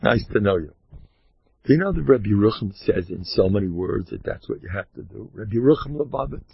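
Gravelly rabbi with wry sarcasm. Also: male voice, mid-range voice, lively intonation, quick pace, dry recording. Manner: wry, mock-boastful sarcasm; sprinkles Hebrew and Yiddish terms. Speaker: rabbi giving a talk. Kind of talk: informal Torah talk with jokes. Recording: dull lo-fi recording.

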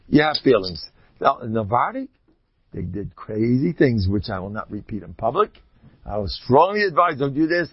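Gravelly man giving an animated talk. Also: dry recording, muffled recording. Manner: animated storytelling, jumps high in pitch for emphasis; joking, self-deprecating asides. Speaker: speaker giving a religious talk. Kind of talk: informal religious talk to an audience.

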